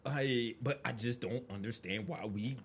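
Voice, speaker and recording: Gravelly, husky man talking. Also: medium pitch, normal speed. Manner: brief agreeing interjections. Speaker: guest. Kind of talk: casual podcast chat.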